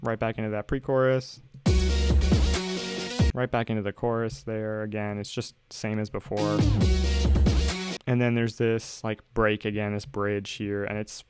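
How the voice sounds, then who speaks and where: Speaking over loud music, the song he's explaining, a young male producer gives a laid-back tutorial voice-over full of fillers and "like." His fairly low voice has little pitch movement, and he talks a little slowly with long pauses.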